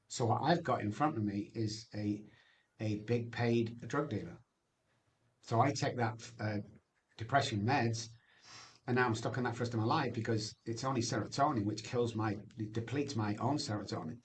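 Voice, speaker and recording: A man as a podcast guest, giving an animated testimony full of rhetorical questions. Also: medium pitch, slight background noise.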